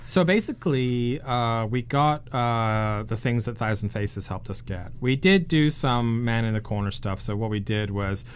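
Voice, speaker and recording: Casual male podcast co-host, mid-pitched, rambling, laughs easily. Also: a little slow, hardly any pauses, a little hiss or hum. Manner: laughs often, rambling with many fillers. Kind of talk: casual chat.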